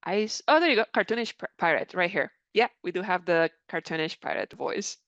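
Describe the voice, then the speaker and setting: A woman hosts a live software tutorial in a conversational, encouraging tone, reading out viewer comments as she goes. Her voice is smooth and clean, recorded dry with slightly dull, lo-fi sound. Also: on the low side, expressive, fairly quick, no echo. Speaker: creator program mentor presenting a live session. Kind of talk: live software tutorial, answering chat questions.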